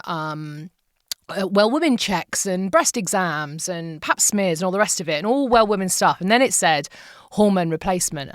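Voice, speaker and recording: A middle-aged woman, a podcast guest, telling a personal story with emotion, often halting and repeating herself. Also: on the low side, no echo, clean studio sound.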